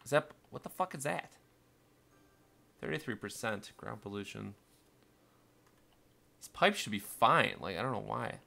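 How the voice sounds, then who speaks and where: A young man commentating his city-building game, muttering along and then bursting into panicked, cursing shouts. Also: on the low side, expressive, unhurried, gravelly, pauses often. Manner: swings from mumbling to panicked yelling, swears constantly. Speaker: gameplay streamer. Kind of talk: casual let's-play commentary.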